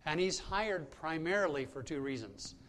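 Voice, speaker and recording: Higher-voiced male pastor preaching conversationally. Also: animated, moderate pace, a bit bright. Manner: conversational storytelling with frequent hesitations. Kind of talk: sermon.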